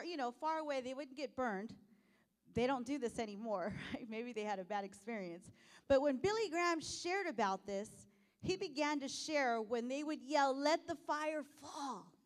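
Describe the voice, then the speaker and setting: A woman with a voice on the high side preaches a sermon, laughing often and putting questions to the audience. She swings from soft asides to loud exclamations.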